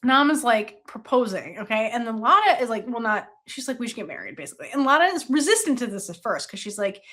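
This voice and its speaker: Lively, laughing woman reviewing a book. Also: a little high, a little fast. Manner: laughs often, animated retelling with quoted dialogue; swears casually. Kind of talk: casual book review chat.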